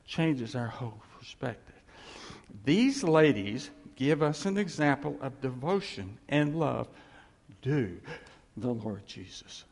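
A man preaching a sermon as pastor, earnest and repeating his key phrases, swinging from loud to quiet. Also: mid-range voice, lively intonation, slow, gravelly. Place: church sanctuary. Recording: church hall reverb.

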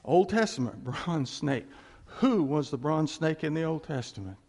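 A man's voice: on the high side, expressive, measured pace, darkish tone. A man preaching an informal sermon in a folksy way, repeating his points and chuckling between phrases.

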